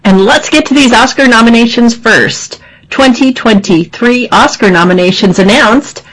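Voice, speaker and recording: A woman's voice: on the high side, moderate pace, a bit bright, rough recording. A woman volunteer reader on a reading-service radio show, presenting a magazine in a chatty manner.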